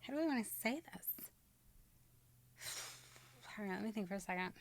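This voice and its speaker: Bright high-voiced woman vlogger. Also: expressive, normal speed, long pauses. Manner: upbeat on intros, then mutters softly to herself between retakes. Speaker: beauty and fashion vlogger. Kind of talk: casual on-camera vlog with retakes.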